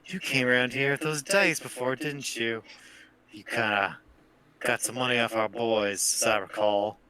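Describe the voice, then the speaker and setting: A man's voice: medium pitch, moderate pace, a crowd in the background, lightly acted. A man voicing a burly, suspicious male bartender in a tabletop game, speaking in a menacing drawl.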